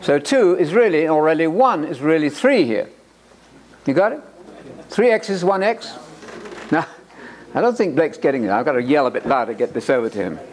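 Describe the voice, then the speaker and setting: Animated, joking male Bible lecturer. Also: on the high side, fairly quick, pauses often, slight background noise. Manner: animated and joking, repeats words for emphasis, quotes authors aloud. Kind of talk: lecture-style sermon.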